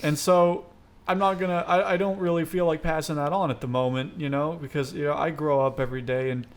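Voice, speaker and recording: A young man hosting a casual comedy podcast, telling dark, absurd stories and laughing often. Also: on the high side, fairly even intonation, a little fast. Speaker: podcast host.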